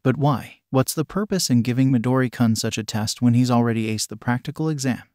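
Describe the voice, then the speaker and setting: A man's voice: mid-range voice, a little mellow, no echo, clean studio sound, lightly acted. A man reading the lines of a clever, analytical teenage girl in a storybook reading. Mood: puzzled. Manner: questioning, measured.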